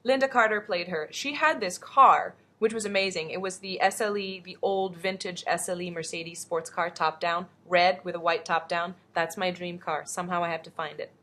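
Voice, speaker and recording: A woman's voice: on the low side, normal speed, hardly any pauses, bright, forceful tone, slight background noise. A young woman from the Philippines, an actress chatting upbeat through fan questions on a webcam, rambling into asides. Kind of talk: casual webcam Q&A. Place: indoors at home.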